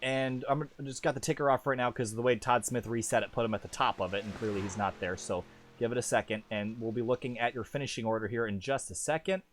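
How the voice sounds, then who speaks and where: A male play-by-play voice for a sim racing broadcast, chatty and quick to poke fun at himself. His pitch sits mid-range but leaps up when he calls the action. He talks through the field truck by truck. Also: fairly even intonation, slight background noise. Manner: chatty and self-deprecating, swings up in pitch on race calls. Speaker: lead race commentator.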